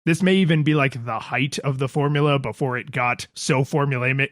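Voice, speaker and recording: A man's voice: mid-range voice, moderate pace, a bit bright, no echo, clean studio sound. A man co-hosting a casual podcast chat who rambles, makes fun of himself and acts out quotes in a raised voice. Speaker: podcast co-host.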